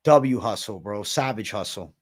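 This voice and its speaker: A man's voice: fairly low pitch, expressive, moderate pace. A man in his twenties hosting a casual livestream, hyped and profane, heavy on slang. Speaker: livestream host.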